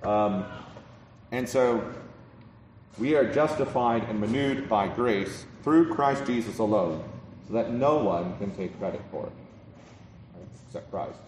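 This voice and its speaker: A man's voice: low-pitched, a little mellow, a little hiss or hum. A man preaching a sermon in a conversational way, with many ums, restarts and repeated "right?". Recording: roomy hall from a distance.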